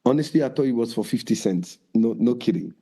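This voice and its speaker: A man's voice: medium pitch, fairly quick, husky. A man from France with a French accent, a guest dancer telling stories in a casual interview and acting out what people said. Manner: animated, acts out quotes in raised voices.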